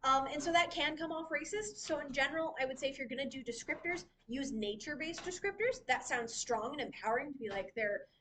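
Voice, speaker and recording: High-voiced woman as a chatty workshop leader, giggling between points in a casual teaching style. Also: fast, few pauses, pushed and bright, slight background noise, poor audio. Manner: giggly, chatty, laughs often. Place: library meeting room.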